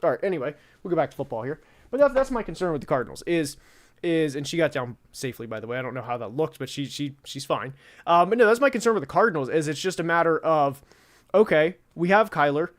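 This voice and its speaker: A man's voice: fairly high pitch, big pitch swings, quick pace. A young man hosting a casual football podcast, rambling with lots of fillers and restarts. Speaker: podcast host.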